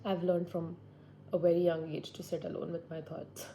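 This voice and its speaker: A woman in her twenties thinks out loud in a loose, musing solo monologue. Her voice sits a little low and sounds mellow and relaxed. She speaks indoors, seated by a window. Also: normal speed, vocal fry, a little hiss or hum, rough recording. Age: 20s. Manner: musing, rambling, talks to herself. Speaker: vlogger.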